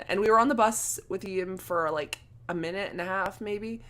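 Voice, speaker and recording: A young woman vlogging in an excited, gushing rush, peppering her story with "like" and the odd swear. Her voice sits at an ordinary middle pitch for a woman, and she talks to camera in a loose, chatty storytelling way. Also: moderate pace.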